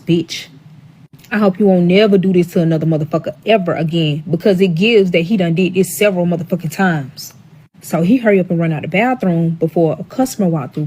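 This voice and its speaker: A woman's voice: on the low side, breathy edge. A woman telling a personal story to her viewers in a casual storytime vlog, profane and dramatic, addressing them directly.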